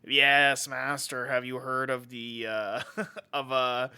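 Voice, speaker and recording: Brief: man voicing a creepy, fawning Igor-type servant, low and hushed. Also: flat delivery, slow, smooth, full character voice. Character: fawning hunched male servant Igor, Peter Lorre impression.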